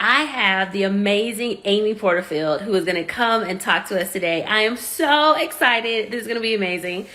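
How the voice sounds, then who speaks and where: A woman hosting a casual live video chat, bubbly and excitable, laughing often. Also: mid-range voice, normal speed. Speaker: host.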